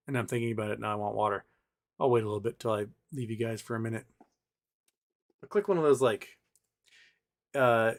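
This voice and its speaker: A man's voice: mid-range voice, steady tone, a little fast, pauses often, a bit bright. A man hosting a casual livestream, rambling with lots of fillers and restarts as he reads out viewer chat. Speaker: livestream host.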